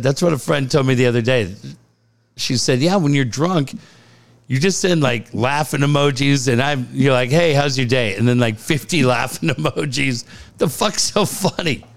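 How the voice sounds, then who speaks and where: A man's voice: medium pitch, moderate pace. A man co-hosting a casual podcast, telling stories with lots of laughter and swearing. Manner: animated storytelling, laughs often, swears freely. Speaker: co-host.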